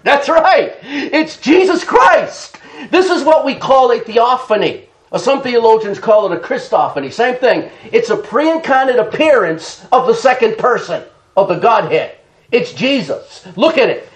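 A male pastor preaching an animated sermon, chuckling often and calling out to the congregation. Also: very high voice, measured pace. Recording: roomy church echo.

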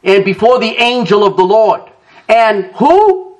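A man's voice: sits high, measured pace, distant mic. A male pastor preaching a sermon, telling stories with laughter and acted-out quotes. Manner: animated storytelling preacher, laughs and acts out quotes.

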